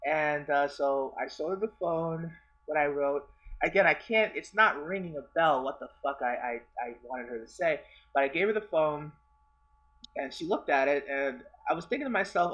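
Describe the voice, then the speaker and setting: Young guy vlogger, bright, stammery and sweary. Rambles as he tells a story. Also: fairly high pitch, moderate pace, lo-fi sound. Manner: rambling, stammering, repeats himself, swears a lot. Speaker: vlogger telling a personal story. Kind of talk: casual storytelling.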